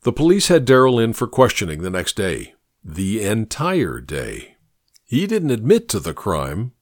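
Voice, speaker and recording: A man reading a story aloud in a measured storytelling manner. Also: medium pitch, dry recording, clean studio sound. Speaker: narrator. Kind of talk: audiobook narration.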